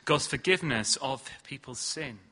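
A man preaching a sermon in earnest, leaning hard on key words and then dropping low and slow. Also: lively intonation, bright, forceful tone, husky. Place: church hall.

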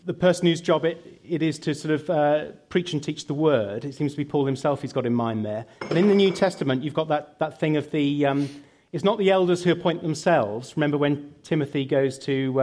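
A man's voice: fairly high pitch, brisk, a little mellow. A man preaching a sermon and leading a prayer, emphatic and building through lists, later answering questions with some fillers.

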